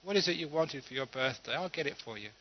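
A man's voice: a little high, lively intonation, fast, close to an everyday voice. Man doing an earnest rich father, grieving but generous, told in a sermon, dull recording.

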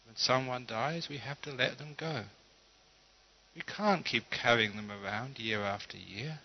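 A man giving a humorous Buddhist talk, telling stories in a relaxed, unhurried way with pauses and chuckles. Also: mid-range voice. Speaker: Buddhist teacher. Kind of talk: humorous dharma talk with storytelling. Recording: dull lo-fi talk recording.

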